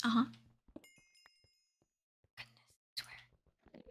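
A woman's voice: on the high side, measured pace, long pauses, slight background noise. A young woman streaming a game live, chatting to herself and often dropping into a whisper. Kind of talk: live gameplay commentary.

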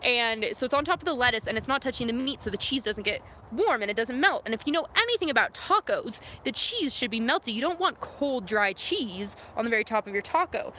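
Streaming from the wilderness, this San Francisco vlogger reads live chat comments aloud and chats casually. Her fairly high voice is brisk and sharp with lively intonation, and she barely pauses. Faint outdoor noise comes through her phone camera.

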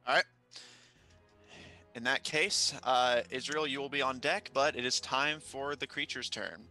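A man running a tabletop game as game master, narrating scenes at a measured pace. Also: mid-range voice, pushed and bright, soft background music. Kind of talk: running a tabletop game over a live stream.

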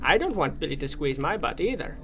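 A man hosting a gaming channel, giving excitable let's play commentary on a horror game and ranting at it in jest. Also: a little high, fairly quick, background noise.

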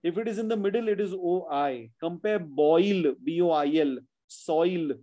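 A man's voice: a little high, unhurried, mellow, rough recording. Man, spelling teacher, online class for kids, patient, spells words out letter by letter. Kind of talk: online spelling lesson for children.

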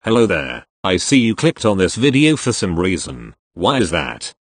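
Goofy man with a lively voice. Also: deep voice, moderate pace, a little hiss or hum. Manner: goofy, jokey and self-mocking. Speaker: video creator. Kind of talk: comic narration reading made-up posts.

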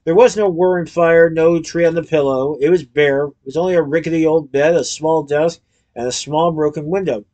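Guy reading a kids' book out loud, lively, kinda high voice. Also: moderate pace, muffled recording. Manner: lively storytelling with character voices. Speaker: narrator. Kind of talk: storybook read-aloud.

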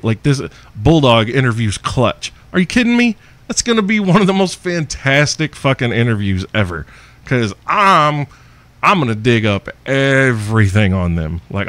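A man hosting his own podcast, reading listener questions in a brash, profane, boastful way, with loud outbursts and laughs. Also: medium pitch, no room sound. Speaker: podcast host.

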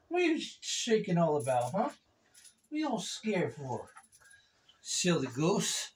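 A man's voice: high-pitched, huge pitch swings, measured pace, pauses often, slight background noise. A man vlogging casually at home, chatting to viewers and teasing his dog in a rambling way. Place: home yard and house, partly outdoors.

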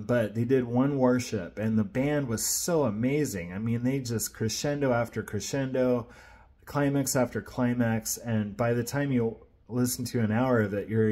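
A man's voice: mid-range voice, darkish tone. A man sharing an earnest personal faith testimony, retelling events in a casual, rambling way.

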